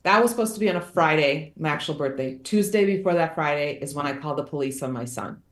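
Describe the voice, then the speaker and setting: A woman's voice: low voice, fast talker, reverberant, slight background noise. A woman guest author tells a personal story, candid and emphatic, repeating phrases for effect.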